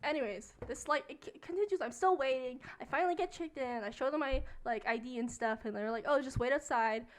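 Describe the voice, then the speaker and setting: A young woman with a high voice tells a long story in a casual, rambling rant while she plays a game on stream. She fills nearly every phrase with "like" as she goes. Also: fairly quick, few pauses.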